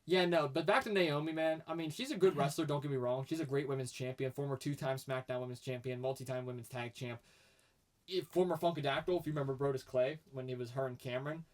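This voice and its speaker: Fast-talking opinionated man. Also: medium pitch. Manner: opinionated, laughs often, rambling. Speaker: podcast co-host. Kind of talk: casual chat.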